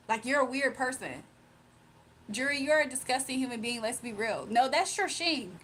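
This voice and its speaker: A woman's voice: sits high, expressive, moderate pace, a bit bright, a little hiss or hum. A young woman on a livestream, reading viewer comments aloud and answering them bluntly and confrontationally. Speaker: livestreamer giving spiritual readings.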